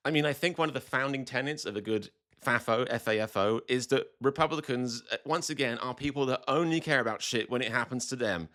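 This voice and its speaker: Sarcastic British man, lively pitch. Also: fast talker. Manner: sarcastic, mocking, profane. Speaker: political commentary host. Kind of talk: scripted political commentary.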